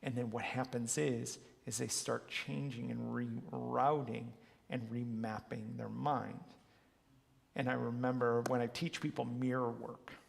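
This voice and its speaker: A man leading a wellness workshop and telling coaching stories in an earnest, animated way. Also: mid-range voice, unhurried, gravelly. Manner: earnest, animated storyteller who acts out quotes. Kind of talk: motivational storytelling talk. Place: large hall, live talk. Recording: long reverb of a hall.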